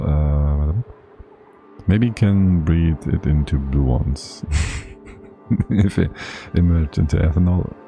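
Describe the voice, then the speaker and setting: A man's voice: low-pitched, mellow. A man giving casual, chatty livestream commentary on a game, thinking aloud and laughing often. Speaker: streamer.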